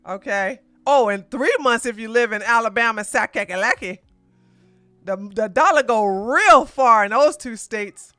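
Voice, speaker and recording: A woman hosting a live political commentary stream, animated and sarcastic, exclaiming and talking to her chat. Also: fairly high pitch, normal speed, no echo, faint music behind. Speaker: podcast host.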